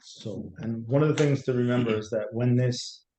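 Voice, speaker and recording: A man's voice: mid-range voice, fairly even intonation, mellow, a little hiss or hum. Serious man stressing safety. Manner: serious, stresses safety, short halting starts. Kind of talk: public meeting testimony. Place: town meeting room. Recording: echoey meeting room.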